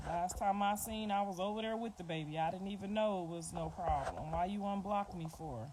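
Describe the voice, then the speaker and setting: A woman's voice: medium pitch, normal speed. A middle-aged woman chatting casually on a livestream, talking bluntly and repeating her points. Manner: blunt, repetitive, informal talk. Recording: clicking noise behind the voice.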